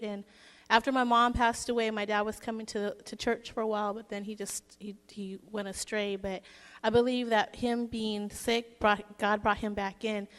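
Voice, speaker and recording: A woman giving a casual, joking eulogy for her father at a church service, telling stories in a chatty way. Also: a little high. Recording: long reverb in a church hall.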